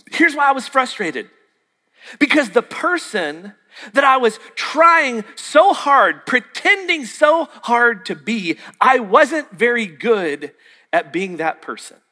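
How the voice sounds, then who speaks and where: A man's voice: very high voice, pushed and bright. A man preaching a sermon, telling a story and acting out the dialogue with jokey asides. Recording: long hall reverb.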